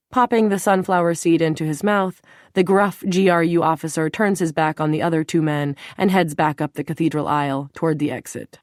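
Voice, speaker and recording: A woman with a low voice reads a thriller audiobook in a steady, even way. The sound is dry and close, with no room around it. She keeps her narration plain between the character voices. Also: normal speed, no echo.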